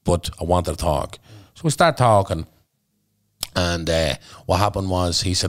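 In a clean studio recording with no room sound, a man from Ireland with a Dublin accent candidly tells his story as a podcast guest, bluntly, intensely and with plenty of swearing. His voice sits low, expressive, at normal speed.

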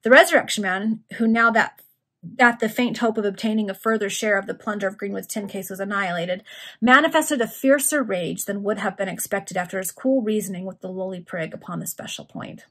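A woman reads an old novel aloud for friends in a casual, unpolished way. Her voice is husky and breathy at a middle pitch. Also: brisk, a bit bright. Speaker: reader. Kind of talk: reading a Victorian novel aloud.

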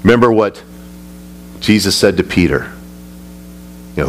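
Low-voiced man preaching with emphasis. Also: lively intonation, unhurried, long pauses, slight background noise. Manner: emphatic, rising high when retelling scripture. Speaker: pastor. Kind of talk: Bible study teaching. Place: church sanctuary.

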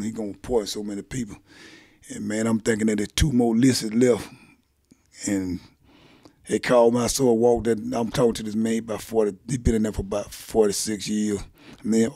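Older guy spinning his story, low husky dark voice, dry sound. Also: no room sound. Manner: animated retelling, acts out quoted voices. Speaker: guest telling his life story. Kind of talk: storytelling in casual conversation.

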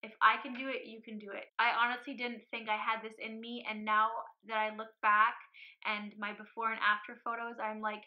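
A young woman talking earnestly about her weight loss in a casual vlog, emotional at times and pausing often with ums. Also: on the high side, level tone, muffled recording.

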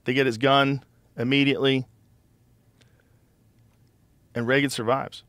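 A man hosting a podcast, talking in an animated, profane, incredulous way in casual conversation. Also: mid-range voice, measured pace, no room sound. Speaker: podcast host.

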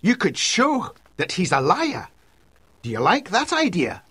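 A man's voice: high-pitched, wildly swooping pitch, unhurried, bright, forceful tone, husky, voice pushed up, full character voice. A man doing a swooping, emphatic news editor. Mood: brisk. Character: excitable male newspaper editor, middle-aged.

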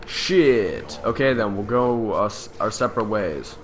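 A young man giving casual commentary while playing a video game, full of excited little exclamations. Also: fairly low pitch, measured pace, slight background noise. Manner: excitable, with lots of surprised exclamations. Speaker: gamer. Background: game music.

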